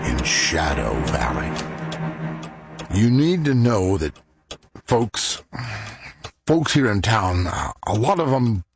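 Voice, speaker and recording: Slow, lowish, wide-ranging folksy male narrator. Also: big pitch swings. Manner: folksy, unhurried, emotional in scenes. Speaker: storyteller. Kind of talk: audio drama narration. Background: music.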